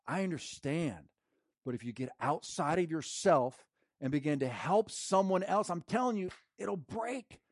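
A male pastor preaching a sermon in an emphatic, conversational way, swinging from loud bursts to hushed moments. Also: fairly high pitch, animated, unhurried, dry recording, clean studio sound. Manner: conversational, slangy, with restarts.

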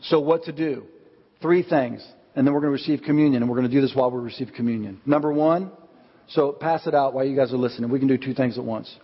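A man preaching a sermon as pastor in a church, earnest, and slowing down to stress his key points. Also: medium pitch, breathy edge. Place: church sanctuary. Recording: long hall reverb, dull lo-fi sound.

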